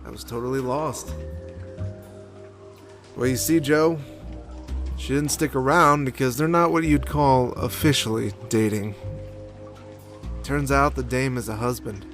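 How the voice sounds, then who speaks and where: A man narrates in a first-person noir style as a weary, gruff detective, his voice mid-pitched and grumbling. He curses casually. Music plays clearly under him. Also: a little slow, long pauses, fairly bright tone. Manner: world-weary, gruff, cursing.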